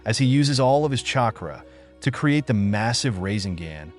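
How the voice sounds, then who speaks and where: A man narrating a fan fiction story in a flat, hurried reading with slips. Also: lowish voice, faint music behind.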